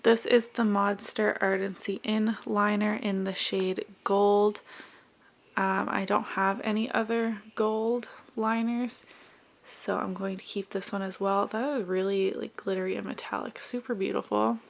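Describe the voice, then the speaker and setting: A woman's voice: mid-range voice, little pitch movement, unhurried, gravelly. A young woman vlogger chatting casually as she goes through her makeup, rambling and friendly. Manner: chatty, rambling product commentary. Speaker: beauty vlogger. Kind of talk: casual makeup declutter chat.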